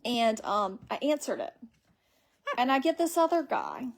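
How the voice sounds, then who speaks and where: A woman's voice: on the high side, big pitch swings, measured pace, slight background noise. A woman hosting a casual live stream on her phone, rambling through her story and reading viewer comments aloud.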